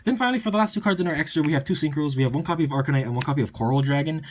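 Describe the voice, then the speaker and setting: A young man casually walking through his card game deck list, chatty and full of fillers and quick asides. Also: a little high, slight background noise. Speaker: deck profile presenter.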